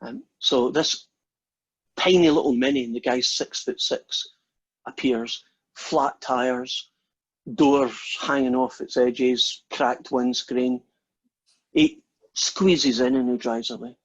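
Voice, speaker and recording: Male math teacher, husky, chatty and friendly, dull call-quality audio. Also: medium pitch, fairly even intonation, takes it slowly. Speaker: math instructor. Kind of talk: online class, casual. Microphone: video call.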